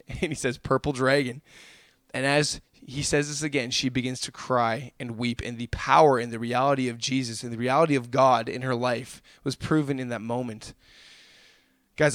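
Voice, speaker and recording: A man's voice: medium pitch, dry recording, clean studio sound. A young adult man preaching a sermon, fervent and calling his listeners "guys".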